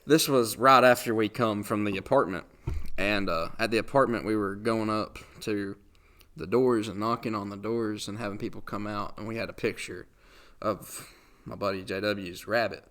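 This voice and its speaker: Low-voiced young man telling stories. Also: normal speed. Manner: rambling, animated storyteller who acts out quotes. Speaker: podcast host. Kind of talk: casual storytelling.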